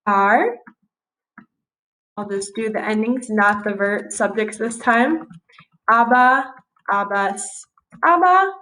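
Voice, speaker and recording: A woman's voice: a little high, fairly bright tone, rough recording. A young woman teacher talking through a screen-recorded grammar tutorial in a casual way, correcting herself as she types. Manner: casual, self-correcting while typing.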